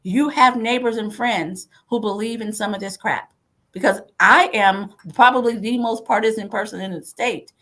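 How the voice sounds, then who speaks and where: This rallying political talk comes from a woman party chair hosting a video-call livestream, pressing supporters with repeated, emphatic calls to action. Her mid-range voice is fairly bright, and she keeps a moderate pace.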